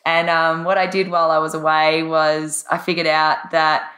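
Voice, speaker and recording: A husky-voiced woman, a guest on a podcast, talking with enthusiasm and laughing often. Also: low-pitched, flat delivery, normal speed, fairly bright tone, reverberant. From Australia. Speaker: podcast guest, life coach. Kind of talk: casual interview chat.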